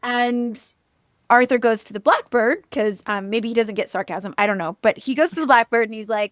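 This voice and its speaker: A woman with a fairly high voice hosts a relaxed podcast chat, retelling an old myth. She is chatty and loose, with plenty of fillers and easy laughter. The sound is close and dry. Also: moderate pace, no echo. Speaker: podcast host. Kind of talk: casual storytelling chat.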